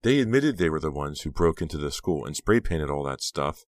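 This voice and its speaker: A man's voice: very deep voice, sing-song, a little fast, no echo. A man playing a wry teen girl, grumbling, mildly raised voice, dry sound. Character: tall, grumbling teenage girl.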